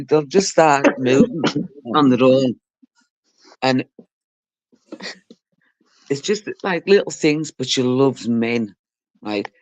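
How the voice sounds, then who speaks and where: A man with an average-pitched voice chats casually and jokes around. He tells quick anecdotes in a lively, offhand way. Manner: chatty, jokey, quick anecdotes. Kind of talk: casual chat.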